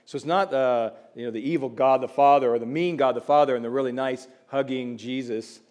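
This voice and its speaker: A man preaching a sermon in a conversational way, slipping in quick asides and building to emphatic warnings. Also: mid-range voice, fairly even intonation, a little mellow. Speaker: pastor.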